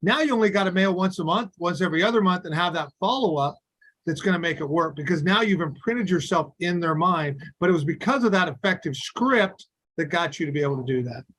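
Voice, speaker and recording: Male agent, fairly high voice, steady and explanatory on a video call. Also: a little fast, rough recording.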